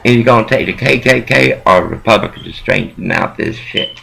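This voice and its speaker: A man's voice: mid-range voice, lively intonation, moderate pace, creaky, sharp tone, a little hiss or hum, rough recording. A man from Texas, delivering a heated, profane, rambling monologue to the camera.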